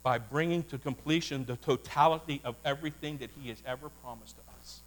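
A man preaching a sermon as a Baptist pastor, animated and folksy, calling out to his congregation. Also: medium pitch, quick pace.

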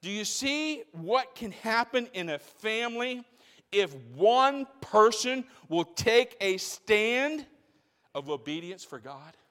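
A man's voice: high-pitched, expressive, slow, sharp tone. A man preaches a sermon, his words ringing out with a long reverb around them. He repeats his phrases and presses his points with growing force. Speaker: pastor.

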